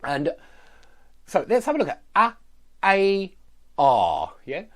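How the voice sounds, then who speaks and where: Male pronunciation teacher, Southern English accent; slow, exaggerated word drills with a very lively melody. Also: high-pitched. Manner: frequent checking tags like "yeah?" and "okay?". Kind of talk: online pronunciation lesson.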